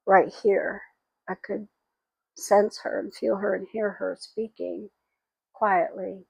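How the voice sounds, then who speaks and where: A woman in her sixties telling personal memories in a halting, reflective, tearful way. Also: mid-range voice, creaky, a little mellow, slightly rough, no room sound, poor audio. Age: 60s. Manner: halting and reflective, with frequent pauses and fillers; tearful and emotional. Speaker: spiritual vlogger. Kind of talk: personal memoir monologue.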